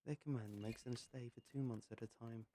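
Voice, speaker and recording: A man's voice: mid-range voice, normal speed, mellow, slight background noise, natural voice. A man voicing a chatty woman soldier guide. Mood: explaining. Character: young woman soldier guide, matter-of-fact.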